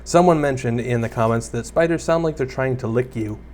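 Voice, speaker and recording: A man's voice: medium pitch, a little fast, darkish tone, a little hiss or hum. A young man giving casual Let's Play commentary, rambling and self-deprecating as he chats to viewers and the creatures on screen. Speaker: gaming YouTuber.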